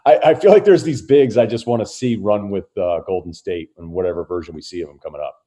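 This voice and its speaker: A man's voice: low voice, quick pace, dark tone. A man co-hosting a sports podcast, musing and trailing off as he talks. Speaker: podcast co-host. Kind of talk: casual sports talk.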